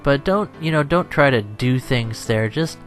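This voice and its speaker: A man's voice: medium pitch, animated, unhurried, soft background music. A tired young man chatting over gameplay as a channel host, rambling and self-deprecating, laughing often.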